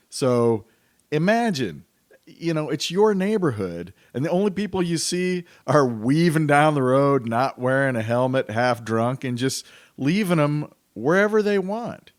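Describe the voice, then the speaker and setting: A man hosting a podcast, ranting in a casual, animated and incredulous way, his pitch jumping up as he gets worked up. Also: no room sound, clean studio sound. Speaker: podcast host.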